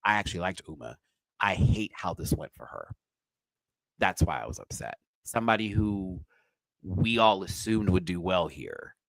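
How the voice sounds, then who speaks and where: A man hosting a live review show, ranting bluntly and with swearing, his voice swinging from quiet mutters to loud high outbursts. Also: expressive, moderate pace, gravelly, no room sound, poor audio. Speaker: drag race reviewer and channel host.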